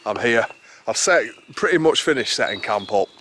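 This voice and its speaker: A man's voice: mid-range voice, animated, moderate pace, fairly bright tone, slight background noise. A man vlogging casually outdoors on a rural hillside, out of breath and chatty, breaking off and rambling as he goes. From England. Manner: chatty, rambling, self-interrupting. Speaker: wild camping vlogger.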